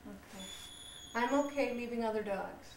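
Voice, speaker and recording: Woman practitioner, higher voice, soothing and coaxing, recorded far off in an echoey room with loud noise and a dog nearby. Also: normal speed. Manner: soothing, coaxing, repeats short instructions. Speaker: energy healing practitioner. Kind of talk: guiding a live treatment session.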